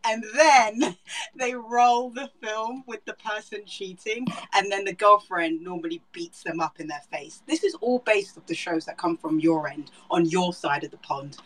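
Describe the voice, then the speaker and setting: A woman with a British accent, telling a story with lively, laughing energy on a live show. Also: medium pitch, normal speed, low-quality recording. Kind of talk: animated storytelling chat.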